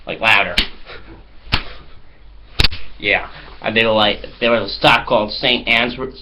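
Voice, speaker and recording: A man's voice: fairly low pitch, moderate pace, long pauses, sharp tone. A man telling anecdotes in a comedic mock interview, in a boastful, rambling way. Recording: slightly muffled with faint hiss.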